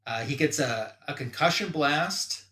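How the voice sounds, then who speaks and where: A man's voice: a little high, measured pace, pushed and bright. A man hosting a live show and casually recapping a comic book story, quoting the characters loosely. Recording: roomy echo.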